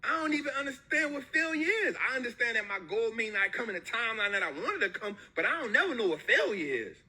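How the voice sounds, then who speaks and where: A man with a fairly high, very bright voice that carries a husky grain delivers a motivational talk. Very animated and quick, he hammers his points home through repetition and emphatic, slangy street talk.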